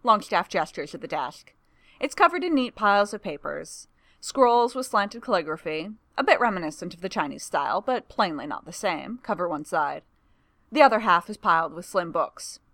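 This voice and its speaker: A woman reads a story aloud with an expressive, lively voice that moves freely up and down. The sound is close and dry, with no room around it. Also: on the low side, moderate pace, no echo. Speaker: narrator. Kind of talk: storybook reading.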